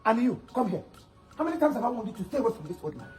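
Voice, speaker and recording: A man playing an angry, shouting older Nigerian father in a comedy skit, scolding and threatening his daughter's suitor. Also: very high-pitched, very animated, rapid-fire, breathy edge, faint music behind, full character voice. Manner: loud scolding, insults and threats.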